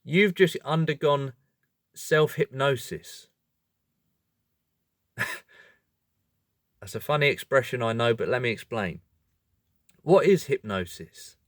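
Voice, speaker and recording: A man hosting a video, explaining in a casual monologue, animated and self-correcting, often breaking into laughter. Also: medium pitch, slow pace, long pauses, no room sound, studio quality. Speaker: video host.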